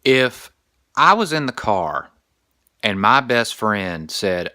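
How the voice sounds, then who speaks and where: A young adult man hosting a podcast, telling a story in a casual comedic monologue, animated and crude. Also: lowish voice, takes it slowly, dry recording, studio quality. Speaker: podcast host.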